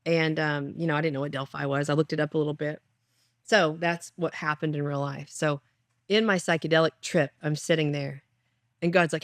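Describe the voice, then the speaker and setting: A woman who founded a ketamine clinic, telling a personal story in an animated way and acting out lines. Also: low-pitched, a little fast, dry recording, clean studio sound. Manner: animated storyteller, acts out voices.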